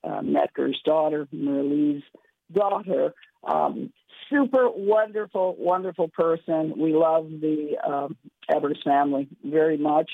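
A hoarse woman calling into a radio show as a guest, rambling and clearing her throat as she loses her voice. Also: low-pitched. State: hoarse, losing voice. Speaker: radio guest, gala chair. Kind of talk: radio phone-in interview. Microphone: phone. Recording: tinny phone line.

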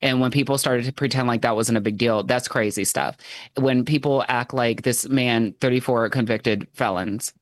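A man in casual political chat, ranting in an animated, exasperated way and acting out the people he quotes. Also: medium pitch, normal speed, no echo.

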